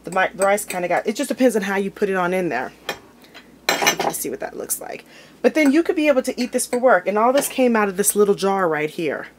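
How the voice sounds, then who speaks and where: A woman's voice: mid-range voice, lively intonation, quick pace, noisy background. A woman hosting a home cooking video, talking casually and informally while she opens jars and plates food in her kitchen. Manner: chatty and informal, talks while handling food.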